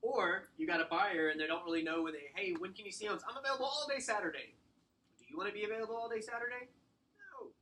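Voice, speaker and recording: Guy teaching sales to a small room, bright higher voice, acts out what to say to clients and leans hard on commands. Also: slight background noise, low-quality recording. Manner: firm, role-plays client scripts and slowly stresses commands. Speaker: real estate sales trainer. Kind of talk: sales training talk.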